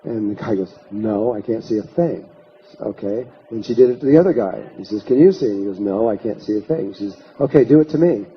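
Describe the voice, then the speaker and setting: A man's voice: on the low side, brisk, slight background noise. A man giving a workshop talk, telling a long story and acting out what people said. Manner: anecdotal, acts out quoted voices, many restarts. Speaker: workshop speaker. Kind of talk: storytelling lecture. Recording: dull lo-fi recording.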